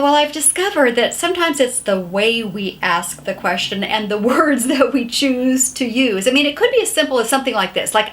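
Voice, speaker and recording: Middle-aged woman, high bright voice, very expressive, chatty advice-giver. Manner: chatty and animated, acting out quoted lines. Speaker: marriage advice speaker. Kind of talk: casual advice talk to camera.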